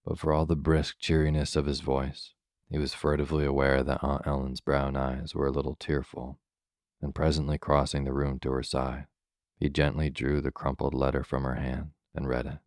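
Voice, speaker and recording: A man reads a calm bedtime story in a very deep, steady voice, slow and soothing with little variation in pitch. The recording is dry and close-miked, without any echo.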